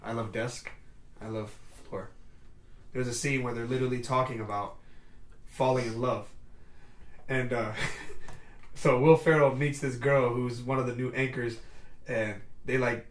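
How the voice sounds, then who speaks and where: A young man hosting a casual podcast chat, excitable and laughing often, quoting movie lines in put-on voices. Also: mid-range voice, normal speed, pauses often. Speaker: podcast host. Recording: echoey room.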